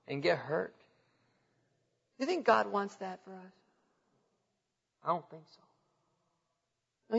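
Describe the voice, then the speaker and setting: A man preaching a sermon in a lively, animated way, laughing at his own stories and reading scripture aloud. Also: high voice, gravelly, lo-fi sound. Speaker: pastor.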